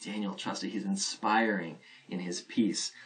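A man's voice: deep voice, steady tone, measured pace, a bit bright, far from the mic, poor audio. A man preaching a sermon as a pastor, earnest and conversational, posing rhetorical questions to his listeners.

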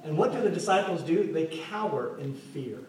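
With a little high, darkish and expressive voice, a pastor keeps his church sermon playful, cracking jokes and questioning the congregation at a moderate pace. The sound comes from far off in an echoey hall, with faint noise.

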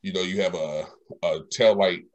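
A young man telling a story in casual chat, animated and slangy, acting out the lines of the people in it. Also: low voice, moderate pace, muffled recording.

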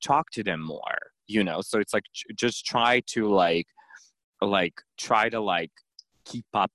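Deep guy hosting a podcast, rambly and stuttery, dry sound. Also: slow pace, a bit bright, no room sound. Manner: rambling, lots of fillers and stutters. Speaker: podcast host. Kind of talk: casual chat.

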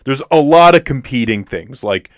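In a studio-quality recording with no echo, a man co-hosting a podcast talks through a movie review in a loose, rambling way, full of fillers and false starts. His mid-range voice is animated and moderately paced.

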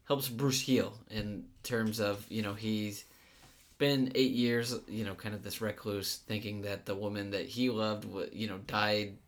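Man, lowish voice, podcast co-host, rambling movie talk. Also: fairly even intonation, unhurried. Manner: rambling, many fillers and restarts. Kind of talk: casual movie discussion.

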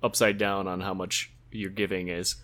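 A man's voice: low-pitched, flat delivery, moderate pace, a bit bright. A man co-hosting a podcast in casual chat, teasing with dry quips. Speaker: podcast co-host.

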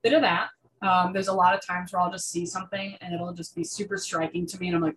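Young female guest, lower voice, chatty, excitable, many "um"s and restarts. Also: fast talker, slight background noise, rough recording. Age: young adult. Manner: chatty, full of fillers and restarts; enthusiastic about reptiles. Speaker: guest artist. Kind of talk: casual interview chat.

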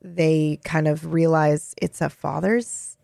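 Gravelly-voiced woman recapping an episode. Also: low voice, slow, dry recording. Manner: relaxed, acts out quotes while summarizing. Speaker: podcast co-host. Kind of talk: casual recap chat.

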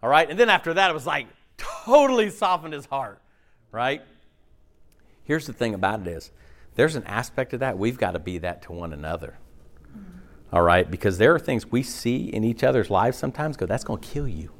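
A middle-aged man, a pastor, preaching a sermon in an animated, conversational way, often checking in with his listeners. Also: mid-range voice, moderate pace.

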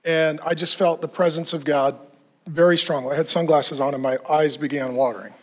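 A man preaching a sermon, telling a story with earnest emotion and dropping soft at the key moments. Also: a little high, fairly even intonation, fairly quick. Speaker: pastor.

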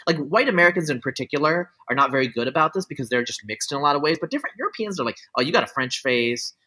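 In casual conversation, a middle-aged man explains his opinions at length, very fast, in a high-leaning, pushed, bright and slightly rough voice with big pitch swings. His sentences loop and restart, stuffed with "like" and "you know," on a low-quality recording.

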